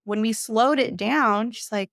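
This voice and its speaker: A woman coach and mother giving conversational advice, emphatic and quick to act out the voices she quotes. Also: a little high, vocal fry, fairly bright tone, dry recording, studio quality.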